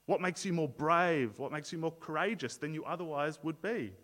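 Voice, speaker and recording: Guy preaching a sermon, kinda high voice, earnest, stumbles and repeats words, big echoey church hall. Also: expressive, normal speed, a bit bright. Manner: earnest, explanatory, frequent word repeats and restarts. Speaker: pastor.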